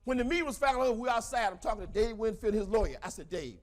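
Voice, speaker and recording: A middle-aged Southern man preaches at a seminar audience in a high, quick voice, hammering home his points by repeating them. His delivery is animated and relentless. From American South. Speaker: motivational speaker. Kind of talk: seminar talk to a live audience.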